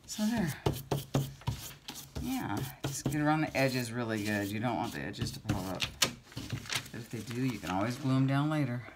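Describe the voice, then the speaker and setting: Crafting vlogger, woman with a deep voice, chatty and self-narrating at her table. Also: very noisy. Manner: chatty, rambling, self-talk while working. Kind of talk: casual crafting chat to camera.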